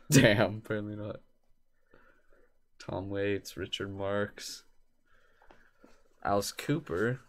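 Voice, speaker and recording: Man, fairly low voice, blunt, swears a lot, dry jokes, casual chat. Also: slow pace, pauses often. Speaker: co-host ranking bands.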